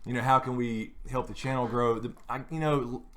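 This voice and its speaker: A man's voice: mid-range voice, steady tone, fairly quick. A man hosting a late-night live stream, chatting casually and rambling with many fillers and restarts.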